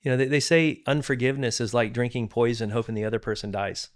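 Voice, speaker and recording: A man's voice: medium pitch, fast. Earnest middle-aged pastor telling his story. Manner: earnest storyteller, restarts and repeats words. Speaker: pastor and podcast guest. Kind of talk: candid testimony in conversation.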